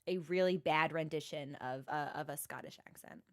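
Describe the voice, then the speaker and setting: A woman's voice: low-pitched, normal speed, hardly any pauses. A young woman streaming and chatting with viewers, rambling and self-deprecating, often restarting her sentences. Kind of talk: casual chat with stream viewers.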